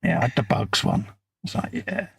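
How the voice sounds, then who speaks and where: A man's voice: fairly low pitch, sing-song, normal speed, creaky, husky. A middle-aged man co-hosting a live stream, chatting in a laid-back way and reading out viewer comments. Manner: laid-back, matter-of-fact banter.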